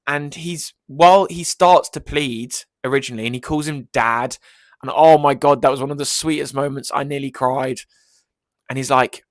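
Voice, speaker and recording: Male film reviewer, mid-pitched, eager and chatty, dry close sound. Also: fairly bright tone, dry recording. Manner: enthusiastic, rambling, many fillers. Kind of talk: casual film review vlog.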